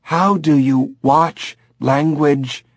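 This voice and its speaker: A man voicing a gentle, childlike male chimpanzee who talks slowly and simply, with broken grammar. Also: a little high, steady tone, no echo, studio quality, voice pushed up. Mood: curious.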